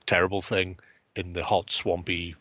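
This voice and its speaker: A man's voice: low-pitched, level tone, normal speed, highs cut off, a crowd in the background. A man co-hosting a hobby live stream, rambling and swearing with frequent laughs in casual late-night chat.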